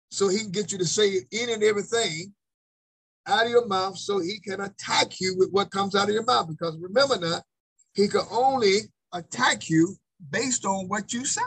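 Husky high-voiced male preacher. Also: fairly bright tone, low-quality recording. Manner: emphatic, repetitive call-and-response preaching. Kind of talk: sermon.

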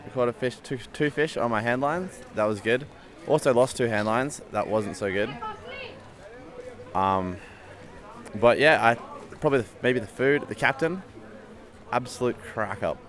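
A man's voice: medium pitch, normal speed, pauses often, a bit bright. A young man with an Australian accent answering an interview question in an easygoing, rambling way. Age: young adult.

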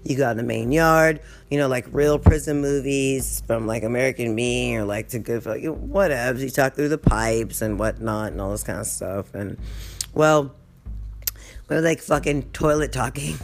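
A woman's voice: low voice, measured pace. A woman vlogger venting in a casual story, swearing constantly, rambling off topic and breaking into laughter often.

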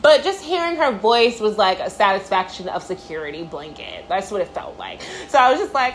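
A woman's voice: fairly high pitch, fairly quick. A young woman vlogger telling a story in a casual, dramatic, swear-filled way. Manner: animated, profane, dramatic.

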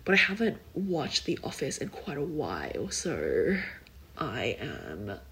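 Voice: mid-range voice, wildly swooping pitch, slow pace, fairly bright tone, rough recording. Rambling young podcast host. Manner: rambling, filler-heavy, many likes and kind ofs. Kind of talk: casual solo podcast chat.

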